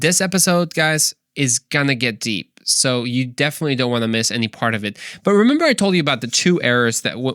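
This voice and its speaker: A man's voice: mid-range voice, a bit bright, dry recording. Young male host, rambling, eager, dry close sound. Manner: enthusiastic, rambling with fillers. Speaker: podcast host. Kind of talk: casual faith talk.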